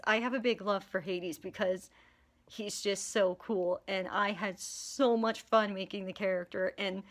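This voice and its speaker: A woman's voice: medium pitch, a bit bright. A woman chatting casually about a character she created, rambling with many fillers, giggling often and swearing freely. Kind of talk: casual chat.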